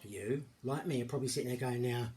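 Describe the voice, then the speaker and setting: A man's voice: medium pitch, fast talker, a little mellow, slightly rough. Chatty man rambling to camera. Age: middle-aged. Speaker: home cooking vlogger. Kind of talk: casual chat to camera. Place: home kitchen, indoors. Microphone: camera mic.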